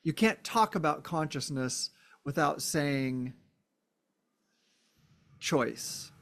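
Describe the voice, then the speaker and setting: A man's voice: fairly high pitch, lively intonation, drawn-out words, vocal fry, a bit bright. A man hosting a podcast, thinking aloud through a philosophical monologue with fillers and frequent "right?" checks. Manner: acts out short exclamations. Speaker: podcast host.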